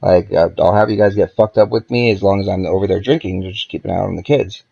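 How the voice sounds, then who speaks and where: A man's voice: low-pitched, quick pace, gravelly, mellow, husky. A man on a podcast as a guest, telling a long story in a casual, profane, rambling way. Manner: profane, laid-back, rambling with many "like"s. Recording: dull lo-fi podcast audio.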